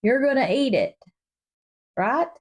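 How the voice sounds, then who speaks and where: With a high, sing-song voice and slow pace, this Bible study podcast co-host reads verses aloud and talks them over casually. She's chatty and acts out the quotes.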